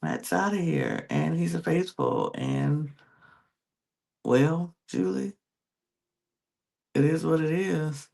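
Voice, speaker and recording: A man with a gravelly, fry-tinged voice chats through a reality-show recap at an unhurried pace. He keeps slipping into quick impressions of the contestants' reactions as he tells the story. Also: a little high, darkish tone. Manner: retells scenes by acting out contestants' quoted reactions. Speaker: podcast host.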